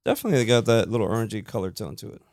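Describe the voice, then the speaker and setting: A man's voice: fairly low pitch, animated, very fast, a little mellow, no echo, clean studio sound. A man hosting a casual podcast with friends, laid-back and joking with slangy talk, recorded in a small room on a table mic. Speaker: podcast host. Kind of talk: casual chat. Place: indoor room with several guests. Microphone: studio mic at a table.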